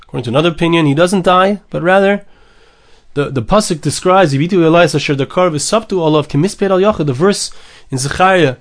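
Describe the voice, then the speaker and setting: A man's voice: on the high side, quick pace. A man giving a Torah lecture, mixing in Hebrew and Aramaic phrases and repeating words for emphasis. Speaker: rabbi teaching Torah.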